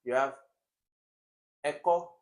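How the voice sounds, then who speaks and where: A man's voice: medium pitch, slow pace. A young man tutoring English for exams, emphatic, repeating words and quizzing the viewer. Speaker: exam tutor. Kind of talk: recorded exam-prep lesson.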